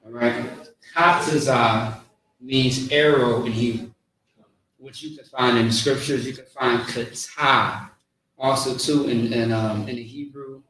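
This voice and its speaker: A man's voice: mid-range voice, fairly even intonation, fairly bright tone. Man coaching pronunciation in an echoey room. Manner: patient, repetitive coaching with drawn-out sounds. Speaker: religious class teacher. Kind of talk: pronunciation lesson. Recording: very echoey room, mic far off.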